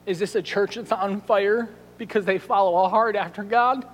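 A man preaching a sermon as pastor, telling a story in a lively way and acting out the people in it with quoted lines. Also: high-pitched, moderate pace. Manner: animated storytelling with quoted asides. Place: church sanctuary. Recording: reverberant church sanctuary.

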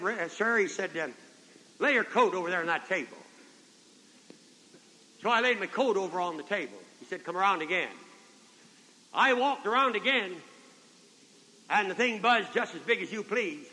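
A man's voice: high voice, animated, moderate pace, pauses often, bright, forceful tone. An older man preaching a revival sermon, telling a folksy story and calling out amen and brethren, in a 1970s convention hall recording.

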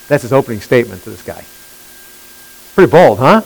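A man's voice: mid-range voice, fast, creaky, pauses often, husky, poor audio. A male pastor preaching a sermon, emphatic and constantly questioning his listeners. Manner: animated, questioning the congregation, emphatic.

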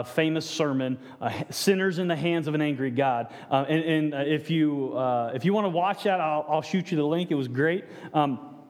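A man, a pastor, preaching a conversational sermon with frequent restarts and rhetorical questions to the congregation. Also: a little high. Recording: long hall reverb.

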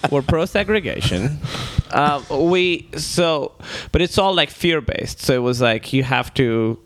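A man's voice: on the high side, slow, clear, resonant tone, no room sound. Man from Pakistan, comedian guest, wry laid-back storyteller, casual podcast chat, dry close sound.

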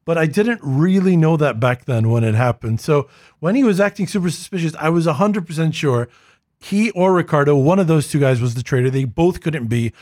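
A man with a slightly high voice talks casually on a podcast. He explains the rules plainly and tells wry stories about a fellow player. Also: expressive, brisk, darkish tone. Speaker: podcast co-host. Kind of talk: casual chat.

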